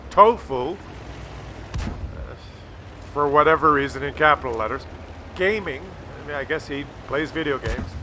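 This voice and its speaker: A man's voice: a little high, background noise. A man doing sarcastic, mocking commentary over a game replay, swearing freely as he calls out a troll. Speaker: gameplay commentator.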